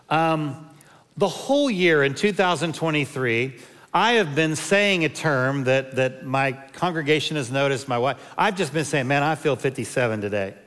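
A pastor in his fifties delivers a sermon full of funny personal anecdotes. His voice sits a little higher than most men's. The sound carries the long reverb of a big church hall. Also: normal speed, fairly bright tone. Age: 50s. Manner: humorous storytelling with personal anecdotes.

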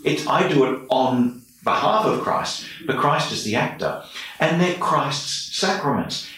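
A man's voice: medium pitch, animated, measured pace, bright, forceful tone. An Australian man, a priest, earnestly telling stories and reflecting during an interview. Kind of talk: storytelling in an interview. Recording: echoey room, mic far off.

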